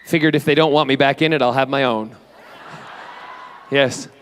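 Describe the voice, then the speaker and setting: A man's voice: medium pitch, steady tone, moderate pace, fairly bright tone, a faint crowd, a little hiss or hum. A man, answering fan questions on a convention panel in a playful, chatty way. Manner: playful, chatty, self-teasing. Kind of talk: casual Q&A with fans. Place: convention hall stage.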